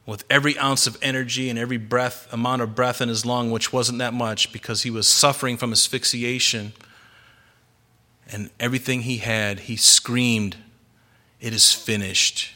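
A man preaching a sermon, reading scripture and explaining it with emphatic, slowed stresses. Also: mid-range voice, flat delivery. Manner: emphatic, varies loudness and slows for stress. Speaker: pastor.

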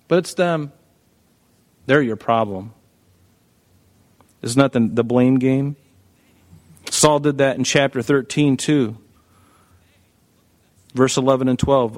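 A male pastor preaching an animated sermon, acting out Bible figures as he goes. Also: medium pitch.

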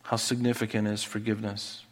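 A man preaching a sermon, earnestly pleading about forgiveness, and rising in pitch and volume as he reads scripture aloud. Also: little pitch movement, fairly quick. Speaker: pastor. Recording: long hall reverb.

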